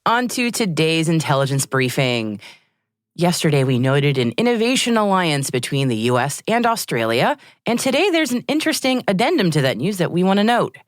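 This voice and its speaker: A woman co-hosting a space news podcast, reading scripted news items with a lively, clear delivery. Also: low voice, moderate pace, no room sound, studio quality. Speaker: podcast co-host.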